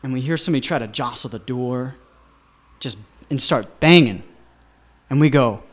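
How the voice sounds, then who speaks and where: A man telling a personal anecdote in a lively, chuckling way, with lots of fillers. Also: mid-range voice, normal speed. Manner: animated, chuckling, many fillers like "you know".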